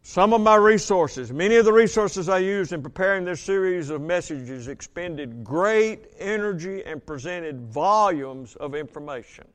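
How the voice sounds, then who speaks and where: Baptist pastor, male, high tenor voice, sermon delivery with scripture readings and questions to the pews. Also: animated, a bit bright, clear, resonant tone. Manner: reads scripture aloud, slows for emphasis, asks congregation questions.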